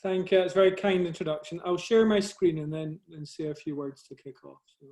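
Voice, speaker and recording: Soft-spoken Scottish man, fairly high voice. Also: a little fast. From Scotland. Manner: modest, conversational, self-deprecating. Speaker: guest speaker, photographer. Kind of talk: presentation over a video call. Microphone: video call.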